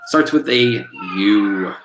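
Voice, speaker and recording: A man's voice: on the low side, expressive, slow, slight background noise, poor audio. A middle-aged man teaching exam prep on a live stream, rambling casually and firing questions at viewers. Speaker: test prep instructor. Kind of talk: live-stream quiz lesson. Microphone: computer mic on a live stream.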